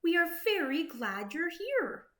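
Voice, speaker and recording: A woman's voice: very high-pitched, very animated, slow pace, reverberant, pitched above the performer's own voice, heavily acted. Woman doing a cheerful little truck. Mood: friendly. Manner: warm, welcoming.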